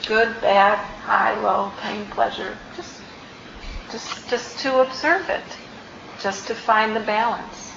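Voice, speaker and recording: A woman meditation teacher giving an unhurried, reflective dharma talk, gently searching for her words. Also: mid-range voice, fairly even intonation, vocal fry, roomy sound, dull audio, noisy background. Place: meditation hall.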